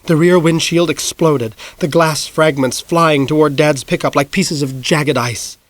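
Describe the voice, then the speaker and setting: A man in his forties narrating an audiobook in a measured storytelling voice, close on a studio mic. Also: on the high side, steady tone, no room sound. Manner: measured storytelling, rising to shouts in action. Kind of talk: scripted narration.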